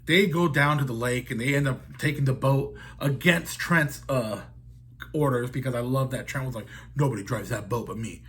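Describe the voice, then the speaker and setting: Husky, profane man rambling through a movie recap. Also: mid-range voice, moderate pace, a bit bright. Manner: rambling, profane, heavy on fillers like "like" and "dude". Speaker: horror movie reviewer.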